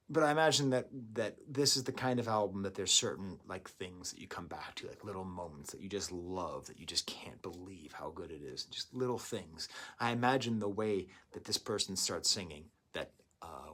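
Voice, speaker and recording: A man giving a casual album review, rambling into excitable asides. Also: mid-range voice. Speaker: music reviewer.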